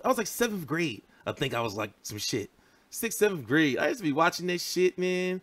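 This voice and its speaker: On his boxing channel's livestream, a man in his thirties answers viewer comments with casual, profane, rambling energy. He speaks briskly in a mid-range voice over a dry recording.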